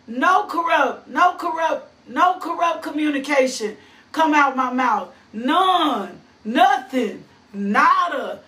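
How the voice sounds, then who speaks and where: A woman preaching an impassioned sermon, reading scripture and repeating phrases, breaking into sudden high whoops and shouts. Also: recorded from a distance. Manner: reads scripture verses aloud. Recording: echoey room, voice off-mic.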